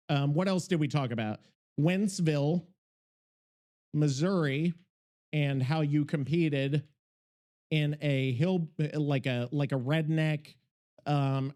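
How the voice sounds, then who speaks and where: A man's voice: a little high, a little mellow. A man hosting a podcast in casual chat, rambling, profane and easily worked up. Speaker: podcast host.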